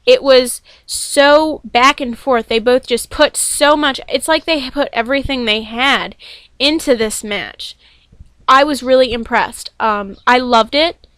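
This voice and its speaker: A woman's voice: high-pitched, unhurried, a bit bright, clear, resonant tone, dry recording. A young woman rambling casually about a show she watched, gushing and full of ums and restarts. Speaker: wrestling fan reviewing a show. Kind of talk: casual opinion vlog.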